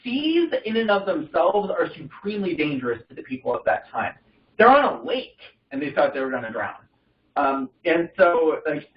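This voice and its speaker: Young male Bible study leader, lively pitch, rambling delivery, roomy room, distant dull mic. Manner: rambling, halting, many fillers and restarts. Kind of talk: informal Bible study reading and commentary.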